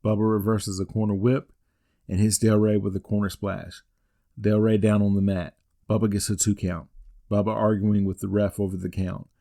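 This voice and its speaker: A man in his forties, a wrestling podcast host, narrating a scripted recap in steady play-by-play with dry asides. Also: lowish voice, moderate pace, vocal fry. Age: 40s.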